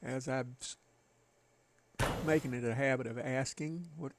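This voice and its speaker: A man's voice: medium pitch, fairly even intonation, a little slow, creaky, background noise. A man with a Southern American accent, rambling folksily to his live chat while playing a game. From Southern United States. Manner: folksy, rambling, chatting with viewers. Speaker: game streamer.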